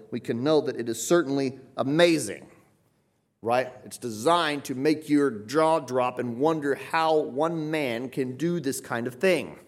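A man teaching a Bible passage in a sermon, emphatic and repetitive, often checking in with "right?". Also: medium pitch. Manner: emphatic, repeats phrases, tags points with "right?". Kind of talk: expository sermon.

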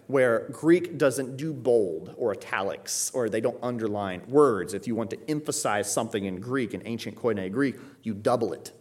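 A man preaching an expository sermon, emphatic and explanatory, often checking in with "right?" and raising his voice when acting out quoted pleas. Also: medium pitch. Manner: emphatic teaching, frequent "right?" check-ins. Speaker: pastor.

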